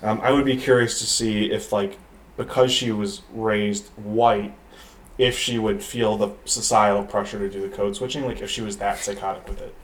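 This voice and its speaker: A man in his thirties from Detroit, a podcast guest chatting casually with many halting restarts. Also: lowish voice, steady tone, far from the mic. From Detroit, USA. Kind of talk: casual chat. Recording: off-mic with faint background noise.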